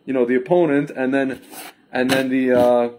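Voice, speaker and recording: A man's voice: moderate pace, background noise. A man giving a rambling, casual livestream monologue to his viewers, often calling them "my friends" and "guys" and slipping into mocking impressions. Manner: animated, jumps into mocking high-pitched impressions. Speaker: online commentator.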